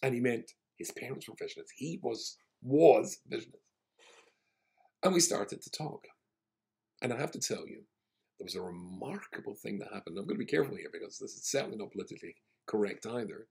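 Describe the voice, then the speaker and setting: Male rabbi, low gravelly husky voice, wry anecdotal storyteller. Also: animated, fairly quick, darkish tone. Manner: wry, anecdotal, self-deprecating. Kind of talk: storytelling talk.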